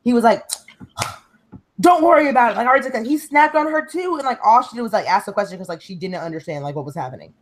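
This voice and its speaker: A woman's voice: medium pitch, racing, hardly any pauses, rough recording. A young woman co-hosting a casual chat show, telling a long story and saying "like" constantly. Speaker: co-host.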